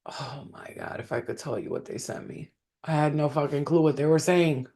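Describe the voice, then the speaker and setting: A woman's voice: sits low, normal speed, warm tone. Laughing, foul-mouthed woman rambling on stream. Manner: profane, laughs often, rambling. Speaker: spiritual healer streamer. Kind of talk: casual livestream chat.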